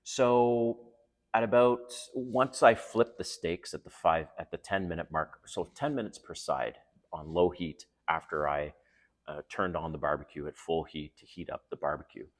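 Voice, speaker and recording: A man's voice: deep voice, normal speed. A middle-aged man hosting a casual dating-advice vlog, telling stories in a chatty way and chuckling often.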